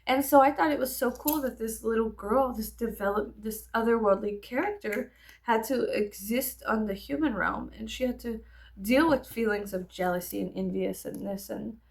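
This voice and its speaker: A woman's voice: on the high side, gravelly. A woman in her thirties chatting casually while getting ready, rambling and joking with lots of profanity. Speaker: vlogger. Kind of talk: casual get-ready-with-me chat.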